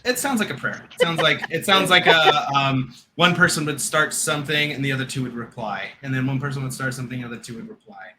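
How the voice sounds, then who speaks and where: A man narrating as game master of a tabletop game, relaxed and often laughing as he describes scenes. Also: mid-range voice, fast, hardly any pauses, background noise.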